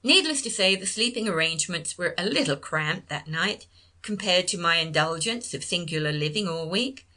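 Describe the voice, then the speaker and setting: A middle-aged woman, reading her own memoir story in a wry, gently humorous manner. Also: fairly low pitch, lively intonation, normal speed. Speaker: narrator.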